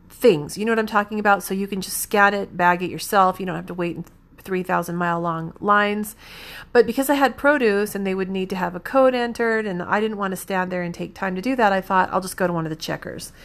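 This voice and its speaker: A woman recounts a personal story, rambling and heartfelt, circling back to correct herself. Her voice has a gravelly, fry-laden edge at a middling pitch. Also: moderate pace.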